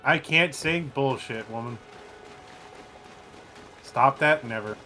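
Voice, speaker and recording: A man's voice: mid-range voice, slow pace, pushed and bright, faint music behind. A young man telling a casual story to friends while they play a game. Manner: laid-back storyteller, swears casually. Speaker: gaming streamer. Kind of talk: casual chat while gaming.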